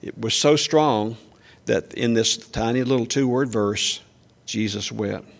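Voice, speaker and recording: A man preaching a sermon in a conversational way, asking the congregation questions and acting out quoted lines louder and higher. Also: unhurried, creaky. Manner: acts out quoted speech with raised pitch and volume. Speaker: pastor.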